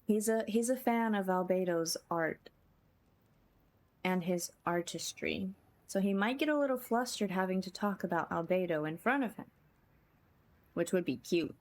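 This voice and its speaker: A woman's voice: medium pitch, moderate pace. A woman streaming a story game, chatting and giggling with her chat as she plays. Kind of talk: casual game commentary. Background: game music.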